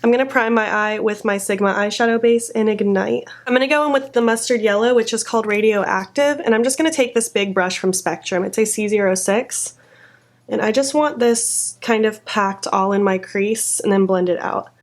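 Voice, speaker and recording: A woman's voice: mid-range voice, normal speed. A young woman chatting through a makeup tutorial, self-critical and easily frustrated. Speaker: beauty vlogger.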